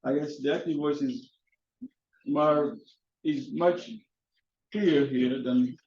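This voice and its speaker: A man teaching an English class, halting and often repeating his words. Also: fairly high pitch, darkish tone. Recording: echoey classroom, dull lo-fi sound.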